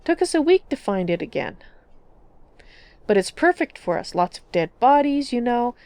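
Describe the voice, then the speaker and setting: A cheeky young necromancer , voiced by a woman explains dark things glibly and grinning. The voice is close and dry, from a game roleplay. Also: on the high side, big pitch swings, moderate pace, clear, resonant tone, dry recording, pitched above the performer's own voice. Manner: grinning, glib.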